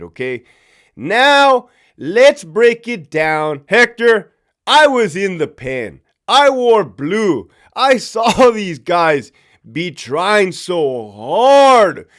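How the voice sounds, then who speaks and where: A man's voice: fairly high pitch, a bit bright. A man, a former prison officer, chatting casually and profanely, often laughing as he tells stories. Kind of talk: casual storytelling chat.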